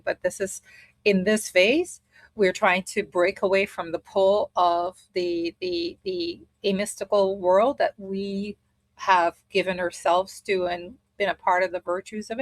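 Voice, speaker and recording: A woman's voice: on the low side, no echo. A woman teaching a spiritual study group in a casual way, thinking aloud as she explains a method step by step.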